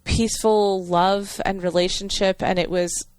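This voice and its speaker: A woman co-hosting a podcast, warmly retelling a TV episode in a rambling way with many fillers and restarts. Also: medium pitch, steady tone, a little slow, clear, resonant tone, dry recording. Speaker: podcast co-host. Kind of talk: casual chat.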